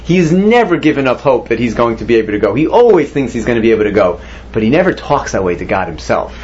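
A man's voice: medium pitch, very animated, fast talker, darkish tone, slight background noise. A man teaching a Torah class, posing questions to his students and mixing Hebrew terms into his explanations. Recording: dull lo-fi recording.

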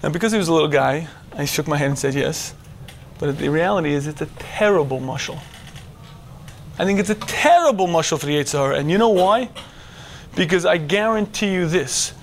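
Middle-aged guy giving a religious talk to a room of men, fairly high voice, goes from hushed to shouting acting stuff out. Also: lively intonation, fairly quick, slight background noise. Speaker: religious teacher. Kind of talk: lecture to a men's audience.

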